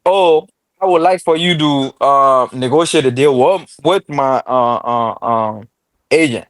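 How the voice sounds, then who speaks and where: A man's voice: mid-range voice, dry recording, lightly acted. A man playing a calculating team owner. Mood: measured. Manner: measured, explains step by step.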